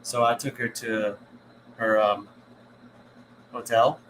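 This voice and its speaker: A man's voice: mid-range voice, little pitch movement, slow, a bit bright, poor audio. Man, rambling crude storyteller, casual podcast chat, faint room noise. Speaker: podcast co-host.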